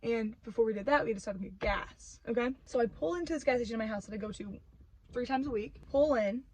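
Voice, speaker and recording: A woman of twenty-one telling a story as an animated, profane rant, full of filler "like". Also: on the high side, fast talker, no echo, poor audio. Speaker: vlogger. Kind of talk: ranting storytime.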